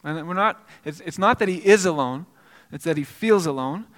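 A man's voice: on the high side, lively intonation, normal speed, a bit bright, long reverb tail. A male pastor preaching a sermon, telling a story earnestly with frequent repeated words and restarts.

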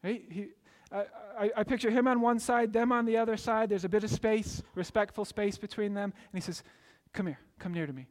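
A pastor with a high voice preaches a sermon, acting out the story's characters to bring it alive, while a large hall's long reverb rings around his words. His tone stays level and his pace fairly quick, with few pauses.

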